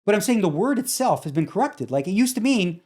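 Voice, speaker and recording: A middle-aged man chatting on a podcast at a rapid clip. He is animated and tells stories by acting out quoted voices and accents, then comes straight back to his own plain voice. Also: high-pitched, husky. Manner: animated, keeps breaking into mock accents and acted quotes. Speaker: podcast host. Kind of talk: casual chat.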